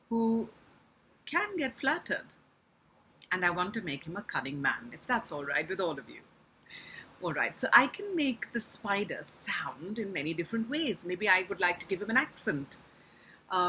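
A woman teaching children how to recite a poem, explaining gently step by step. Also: mid-range voice, a little hiss or hum. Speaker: elocution teacher.

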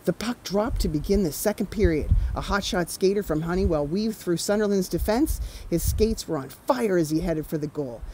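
Warm-toned storytime reader, woman, animated with chatty asides. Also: lowish voice, moderate pace, few pauses, a little hiss or hum, rough recording. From Canada. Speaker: author reading her picture book. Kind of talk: children's storytime read-aloud.

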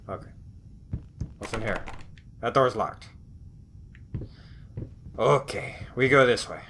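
A man's voice: medium pitch, slow pace, pauses often, a bit bright, slight background noise. A man commentating a horror game as he plays, with profane, snarky reactions. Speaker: gaming video host.

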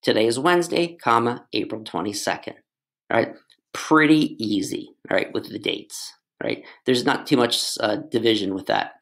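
A man's voice: medium pitch, expressive, normal speed, creaky, a bit bright. A man tutoring English, explaining grammar in a casual, playful way with jokes and asides to his students.

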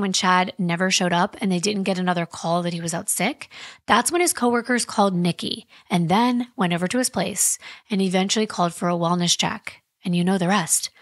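A woman's voice: medium pitch, dry recording. A woman hosting a true crime podcast, retelling a case in a conversational, emphatic way with wry asides. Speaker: podcast host.

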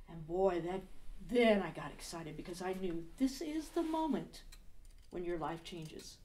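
A woman recounting a personal story of faith in an animated, storytelling interview. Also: lowish voice, a little slow, faint music behind. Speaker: interviewee giving a faith testimony.

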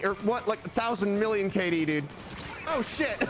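A man giving live commentary as he plays a video game, excitable, jumping from low muttering to sudden yelps and repeating phrases over and over. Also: moderate pace, background noise. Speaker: streamer.

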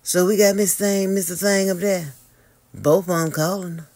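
A host giving sassy gossip commentary, drawling and teasing, with sudden high squeals and long hums. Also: fairly even intonation, normal speed, darkish tone.

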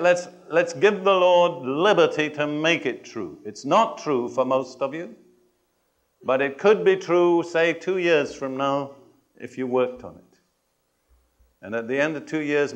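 A man preaching a sermon to a congregation. He speaks in a measured, emphatic way, puts questions and challenges to his listeners, and adds touches of dry humor. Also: fairly high pitch. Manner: addresses and challenges the congregation directly.

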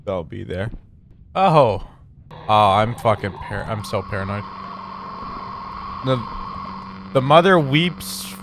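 Playing horror games for his channel, a young man swears, jumps, laughs nervously, and talks to the game characters in casual commentary. He has a lowish, animated voice, speaks slowly with long pauses, and there's background noise.

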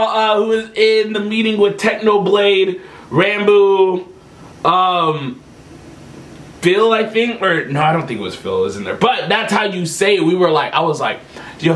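A young man hosting a reaction video, chatting casually and excitably to his viewers in slangy speech. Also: sits high.

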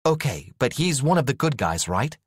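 A man's voice: very animated, moderate pace, slightly rough, dry recording, studio quality. A man voicing a young woman, a witch, who talks in pleading, insistent questions in an audiobook. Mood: questioning. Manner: pleading, questioning, pitched up high.

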